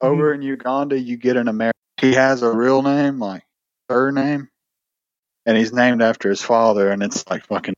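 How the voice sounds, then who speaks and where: A man's voice: medium pitch, steady tone, normal speed, dry recording. Rambling, cursing man on a dull line. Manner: rambling, swears often, many restarts. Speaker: podcast co-host. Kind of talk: casual storytelling chat.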